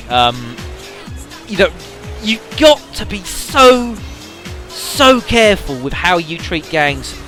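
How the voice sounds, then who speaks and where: A young man talks through a game in rambling, casual commentary, full of fillers and sudden outbursts. His voice is bright and on the higher side, and his pitch swings widely. Faint music plays behind him. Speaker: let's play commentator.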